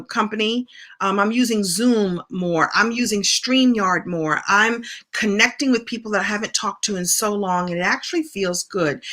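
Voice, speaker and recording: A woman's voice: mid-range voice, fairly bright tone. A woman in her late fifties hosting a casual livestream, chatting playfully and greeting viewers by name. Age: 50s. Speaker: livestream host.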